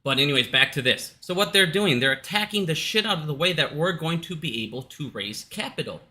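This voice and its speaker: Guy ranting from his hot house, out of breath, really sharp bright voice. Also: a little high, animated, fairly quick. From Minnesota. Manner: heated, profane, repeats "like I said". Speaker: stock market commentator. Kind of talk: casual ranting commentary.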